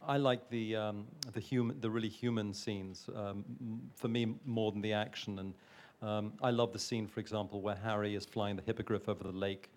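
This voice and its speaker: A man's voice: fairly low pitch, steady tone, normal speed. A man who works as a film producer, talking on a panel in a thoughtful, hesitant way with frequent restarts. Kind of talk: panel talk.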